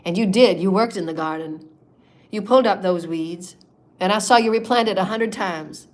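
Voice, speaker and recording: A woman leading a spiritual meditation in a sermon style, impassioned and repetitive, moving between soft murmurs and loud declarations. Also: medium pitch, normal speed. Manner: repetitive, chant-like phrasing. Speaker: spiritual channeler.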